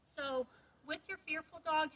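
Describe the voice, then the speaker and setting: A woman's voice: sits high, measured pace, fairly bright tone, poor audio. A woman dog trainer giving a practical, direct lesson, explaining with quoted examples. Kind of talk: instructional talk to camera.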